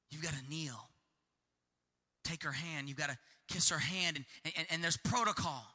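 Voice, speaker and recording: Fired-up preacher guy, high bright voice, long hall echo, keeps repeating himself. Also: moderate pace. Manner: impassioned, repetitive, acts out shouted pleas. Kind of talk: sermon.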